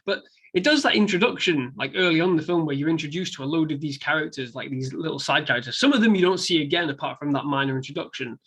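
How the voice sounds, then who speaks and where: A man in casual podcast chat about a film, animated and sweary, acting out lines from scenes. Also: on the high side, fast talker, husky. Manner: animated, swears freely, acts out quotes. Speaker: podcast co-host.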